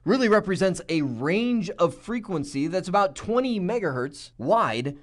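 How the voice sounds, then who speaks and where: Male instructor, higher-pitched and very lively, casual, acts out his examples. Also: a little slow. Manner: animated, acts out examples in voices; conversational, uses "right?" and "you know". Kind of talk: technical lecture.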